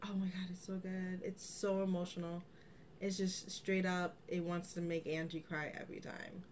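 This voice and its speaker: A woman's voice: fairly low pitch, moderate pace, a little hiss or hum. A woman co-hosting a podcast, chatting casually and animatedly. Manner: chatty, animated, laughs easily. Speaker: podcast co-host. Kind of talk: casual chat.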